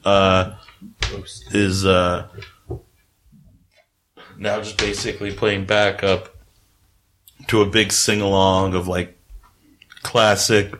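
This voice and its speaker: A man's voice: sits low, fairly bright tone. A man narrating a tabletop game as game master, casual and rambling, full of fillers.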